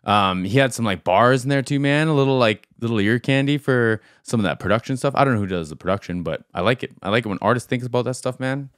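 A man's voice: mid-range voice, quick pace, few pauses, no echo, studio quality. A man hosting a music reaction video, talking casually and rambling aloud with lots of fillers as he thinks.

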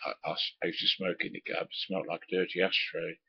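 Deep husky man telling a story. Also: little pitch movement, quick pace, no room sound. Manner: swears casually, many ums and asides. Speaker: former truck driver. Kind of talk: rambling spoken anecdote. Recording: dull lo-fi recording.

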